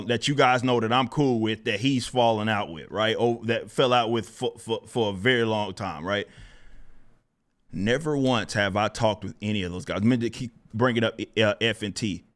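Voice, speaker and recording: A man hosting a livestream, talking in a casual, animated rant. He sounds incredulous, laughs often, swears freely, and swings between loud exclamations and low muttering. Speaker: livestream host.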